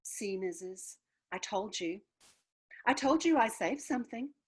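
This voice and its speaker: A woman voicing a bubbly, bossy little kindergarten girl who talks loudly and mangles big words in a children's book read-aloud. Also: medium pitch, animated, a little slow, breathy edge, voice pushed up. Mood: chatty.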